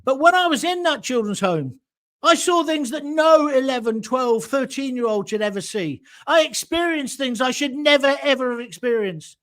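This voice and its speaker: A man's voice: very high voice, animated, normal speed, fairly bright tone. An older man, hosting a live reaction show from his home and ranting bluntly, with plenty of swearing. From England. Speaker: host.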